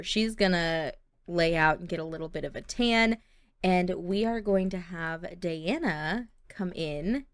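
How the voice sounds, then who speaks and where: A woman's voice: fairly low pitch, dry recording, studio quality. A woman hosting a casual life-sim let's-play, chatty and giggly, talking fondly to viewers. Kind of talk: casual gameplay commentary.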